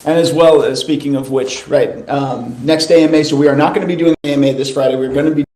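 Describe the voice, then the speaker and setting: A man's voice: on the high side, steady tone, fast, dark tone. A man hosting a casual live voice-chat update for his studio's community, laid-back and slangy, drifting through fillers and restarts. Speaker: host of a studio community call.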